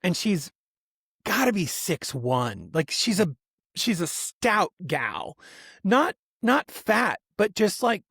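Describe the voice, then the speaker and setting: A man's voice: high voice, sing-song, takes it slowly, gravelly, fairly bright tone, breathy edge, no echo, studio quality. A man co-hosting a podcast, telling a story in a casual, rambling way with lots of restarts and asides. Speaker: podcast co-host. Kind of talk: casual chat.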